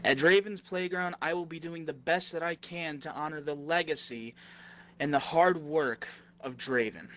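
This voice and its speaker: Man, slightly high voice, delivers a steady, menacing wrestling promo. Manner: measured, deliberate threats turning to angry shouting. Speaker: wrestling roleplay competitor.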